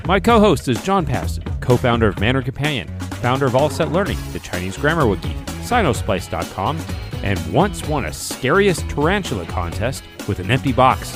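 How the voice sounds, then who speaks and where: A man's voice: medium pitch, sing-song, a little fast, music in the background. An American man hosting a language-learning podcast in a casual, playful way, joking through his intro and reading listener reviews. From United States. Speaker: podcast host.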